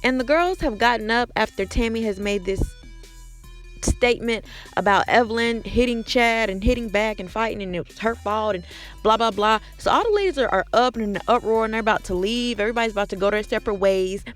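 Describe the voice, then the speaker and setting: A woman's voice: fairly high pitch, a little fast, faint music behind. A woman hosting a casual, gossipy recap of a TV episode, with sassy asides. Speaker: recap podcast host.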